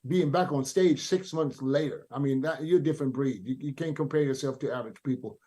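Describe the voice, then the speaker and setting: A man's voice: medium pitch, fairly quick, mellow. A man hosting a podcast, chatting bluntly and swearing now and then. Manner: blunt, profane. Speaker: podcast host. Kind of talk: casual chat.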